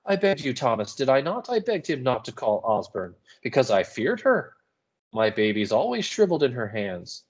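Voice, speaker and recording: A man voicing a fearful, grieving woman in a play reading, shrill and accusing. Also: big pitch swings, normal speed.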